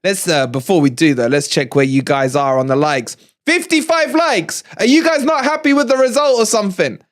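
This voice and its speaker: Excitable English man, high voice. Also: normal speed. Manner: excitable, gloating, chats with viewers. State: out of breath. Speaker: fan channel host. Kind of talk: live-stream match review.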